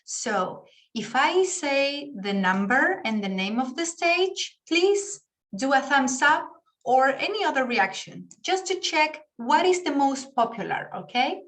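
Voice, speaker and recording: A woman's voice: sits high, lively intonation, slow, fairly bright tone. A woman whose first language is Spanish, teaching an online class over a video call and patiently explaining with spoken examples.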